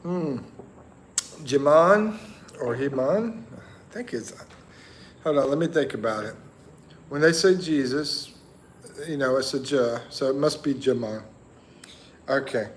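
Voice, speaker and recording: Slow, rambling male livestream host. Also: medium pitch, a little hiss or hum. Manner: rambling, chatty, thinks aloud. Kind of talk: casual live chat reading viewer comments.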